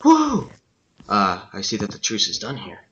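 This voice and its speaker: A man casually retelling a video to friends, halting often with fillers. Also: on the low side, fairly even intonation, pushed and bright, a little hiss or hum. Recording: muffled lo-fi recording.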